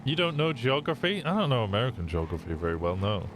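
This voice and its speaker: A man's voice: mid-range voice, sing-song, fast, music in the background. A young man from England with a Midlands accent, chatting casually and swearing with his stream viewers. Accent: Midlands English. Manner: chatty, swearing, stumbling over words.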